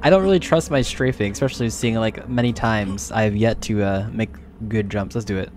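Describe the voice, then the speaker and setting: A man casually commenting while he plays a game on a close desk mic, jumping to high yelps when startled. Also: a little fast, darkish tone. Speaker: gaming streamer. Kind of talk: casual let's-play commentary. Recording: game music underneath.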